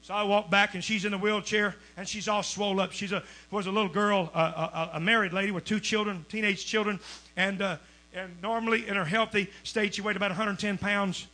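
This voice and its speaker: A man preaching a Pentecostal sermon as a guest preacher, telling a testimony, swinging from hushed storytelling to shouting. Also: high voice, fairly even intonation, brisk. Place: church sanctuary.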